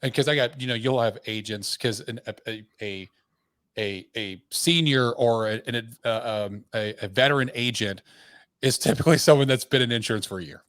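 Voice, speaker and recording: A man's voice: mid-range voice, normal speed, fairly bright tone, no echo. Podcast host man, punchy and casual.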